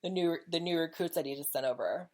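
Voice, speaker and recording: A woman's voice: deep voice, fast, a little mellow. A woman hosting her own podcast, talking candidly and chattily in a casual solo monologue, often repeating herself as she goes. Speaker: podcast host.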